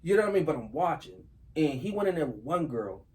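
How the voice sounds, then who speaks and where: A man with a slightly raised pitch hosts a podcast chat. He talks in a laid-back, slangy way, calling people bro and laughing as he tells his stories. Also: sing-song, fast talker. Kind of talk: casual chat.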